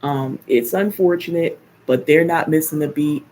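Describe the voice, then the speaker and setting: An older woman hosting a casual live stream, chatting and telling animated stories with playful teasing. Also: low voice, normal speed, slight background noise. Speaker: live stream host, caregiver. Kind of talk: casual chat.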